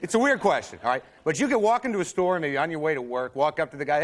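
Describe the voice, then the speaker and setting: A man's voice: fairly high pitch, very animated, fast talker, few pauses. A man doing a stand-up set on a TV studio stage, acting out the voices of the people he describes. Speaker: stand-up comedian. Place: TV studio stage before an audience. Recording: broadcast stage sound with audience laughter. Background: audience laughing.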